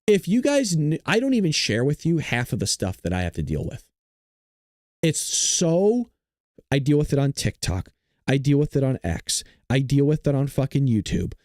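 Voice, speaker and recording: A man's voice: medium pitch, very animated, normal speed, darkish tone, no echo, clean studio sound. A male show host ranting to his live-stream viewers, frustrated and full of profanity, talking straight to his audience.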